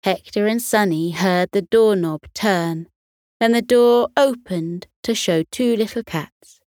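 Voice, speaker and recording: A woman narrating a children's bedtime story in a gentle, soothing, expressive way. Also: mid-range voice, slow pace, dry recording, clean studio sound.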